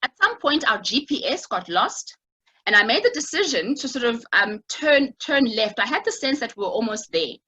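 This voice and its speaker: A woman's voice: fairly high pitch, very animated, moderate pace, sharp tone, slightly rough, muffled recording. A woman giving an online talk over a video call, telling a personal story in a reflective way with many small fillers.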